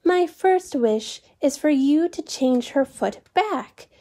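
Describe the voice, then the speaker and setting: A woman voicing a kind, polite plain young girl who speaks gently in a read-aloud storybook. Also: high-pitched, animated, slow, pitched above the performer's own voice. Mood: gentle.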